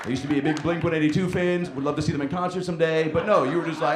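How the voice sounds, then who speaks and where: A man's voice: a little high, rapid-fire, hardly any pauses, echoey room, noisy background. A man doing stand-up crowd work, teasing an audience member in profane, incredulous language. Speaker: stand-up comedian. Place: comedy club stage.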